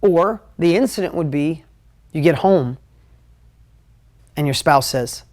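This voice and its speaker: A man teaching a live motivational talk at a whiteboard, energetic, emotional and conversational. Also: on the high side, slow. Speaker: motivational business coach.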